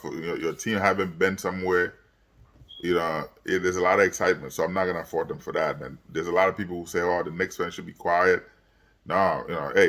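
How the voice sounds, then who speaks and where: A young man with a low voice that still has a bright, forceful edge, talking through a late-night sports recap. He sounds worn out and keeps stumbling over fillers and repeats as he rambles. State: tired, yawning late at night. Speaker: sports vlogger. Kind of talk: casual sports commentary vlog.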